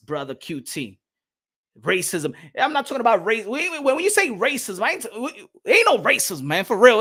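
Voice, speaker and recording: A man's voice: high-pitched, pushed and bright. A man, hosting a boxing show and ranting in a profane, slangy way that keeps repeating itself. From New York. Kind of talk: heated livestream rant.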